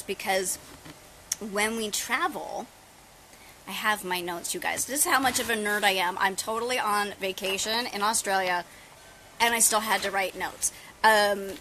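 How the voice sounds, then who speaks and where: A middle-aged woman yoga teacher talking casually to her viewers about her practice, chatty and relaxed. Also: mid-range voice, a little hiss or hum, poor audio. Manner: chatty, relaxed, addresses viewers as "you guys". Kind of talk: casual live-stream yoga talk. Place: outdoors on holiday.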